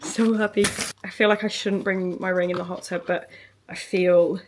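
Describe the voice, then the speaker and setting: A woman's voice: lowish voice, fairly even intonation, normal speed. A young woman talking in a chatty, gushing way in a casual vlog. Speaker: vlogger. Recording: noisy phone recording.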